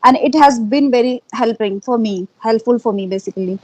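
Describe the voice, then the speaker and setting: A woman's voice: on the high side, fairly quick, a little mellow, no echo, rough recording. Earnest Indian-accented woman, dry sound. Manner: earnest, repeats herself, many fillers. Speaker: interviewee, English learner. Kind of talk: casual conversation.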